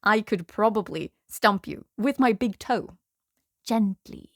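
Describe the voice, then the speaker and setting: Woman doing a scornful big troll, slightly low, dry. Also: takes it slowly, no room sound. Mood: mocking. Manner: scornful, condescending. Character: huge boastful male troll, mocking.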